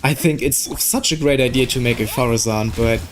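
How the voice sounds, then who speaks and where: Excitable German gamer with faint music. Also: male voice, mid-range voice, moderate pace. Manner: excitable, swears and shouts at the game. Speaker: gaming streamer. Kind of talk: casual gameplay commentary.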